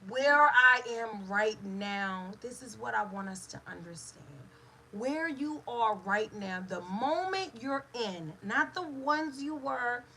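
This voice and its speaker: Woman host, high bright voice, slow and emphatic spiritual talk that sinks to a hush on key words. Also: creaky, slight background noise, rough recording. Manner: emphatic, repetitive, drops to a hush for stress; emotional, speaks to a live listener. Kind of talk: inspirational spoken talk.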